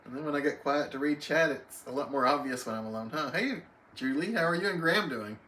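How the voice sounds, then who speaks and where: Man, livestream host, casual chat, bright forceful tone, slightly high voice, faint background hiss. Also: fast talker. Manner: friendly, reads chat names aloud, chatty. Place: home, alone on a live stream.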